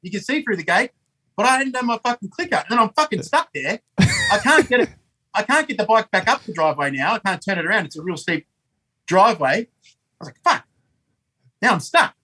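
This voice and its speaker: Australian man, podcast guest, profane animated storyteller, bright tone. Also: high-pitched, quick pace, slightly rough, poor audio. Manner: swearing, animated, rambling. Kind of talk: casual storytelling.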